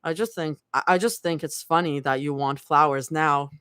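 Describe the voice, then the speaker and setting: A woman reading fan fiction aloud, voicing a snappish, sardonic young woman in a low, clipped, sulky tone. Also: moderate pace, no room sound, studio quality, close to an everyday voice.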